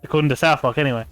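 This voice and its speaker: A man's voice: fairly high pitch, dry recording. A young man streaming a video game, chatting casually in a rambling way and laughing often. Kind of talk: casual gameplay commentary.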